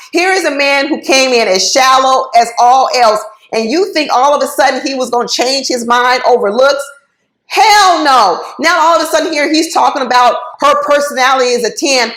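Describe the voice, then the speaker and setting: Woman, high voice, outspoken reality TV reviewer, casual and blunt, recorded in a roomy space. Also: fairly bright tone. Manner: blunt, talks straight to the cast members; informal, folksy phrasing. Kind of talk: casual opinionated commentary. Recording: roomy echo.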